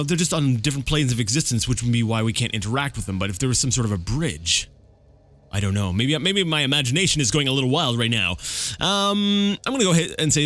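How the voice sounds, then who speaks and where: Rambling man with a lively voice. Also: mid-range voice. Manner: rambling, thinks aloud, self-correcting. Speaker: let's play gamer. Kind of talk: casual game commentary.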